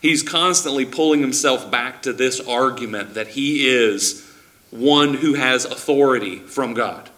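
A man delivers a sermon in a relaxed, conversational teaching style, stumbling and restarting often as he thinks aloud. His voice is bright and forward, sitting around the middle of the male range. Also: medium pitch, measured pace. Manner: conversational teaching with frequent restarts and acted-out quotes. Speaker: preacher.

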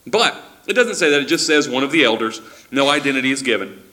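A man's voice: mid-range voice, animated, quick pace, bright, forceful tone. A man preaching a sermon in a conversational teaching style, often restarting his sentences and acting out quotes.

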